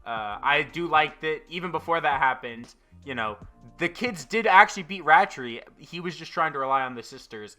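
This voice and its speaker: Reviewing manga chapters in a casual way, this young man speaks with a medium-pitched, sharp voice. His commentary is profane and exasperated, loaded with fillers.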